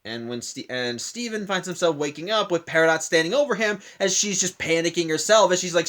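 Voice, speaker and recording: A man's voice: sits high, brisk, few pauses, fairly bright tone. A young man casually recapping a cartoon episode, rambling with frequent restarts and self-corrections. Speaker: show recap reviewer.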